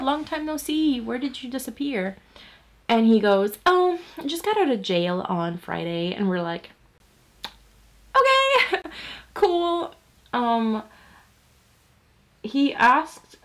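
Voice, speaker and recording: A young woman from Latvia chatting casually while doing her makeup, swearing freely and saying "like" a lot. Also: mid-range voice. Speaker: beauty vlogger.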